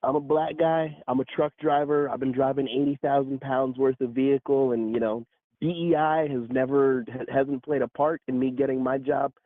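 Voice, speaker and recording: A man's voice: medium pitch, fairly even intonation, normal speed, no room sound. A man talking as a guest in a casual political chat, earnest and searching, often checking in with "right?". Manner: earnest, talks things through with many "right?". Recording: tinny phone-like line.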